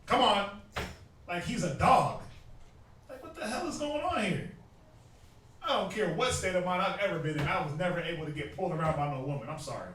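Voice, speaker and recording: Young man, high bright voice, animated street teaching, very echoey and distant. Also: slight background noise. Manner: animated, joking, mimics people. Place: outdoors in a city.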